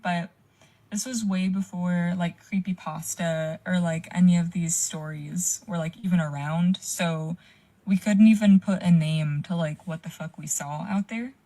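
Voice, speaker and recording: A woman's voice: on the low side, warm tone. A young woman telling a frightening personal story in a casual way, with lots of "like" and swearing. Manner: frequent "like" fillers, swearing. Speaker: caller sharing a story.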